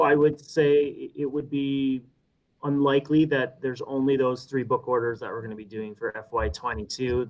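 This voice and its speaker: A man's voice: mid-range voice, rough recording. A man explaining school budget matters in a council meeting over a video call, with some hesitation. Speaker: school administrator.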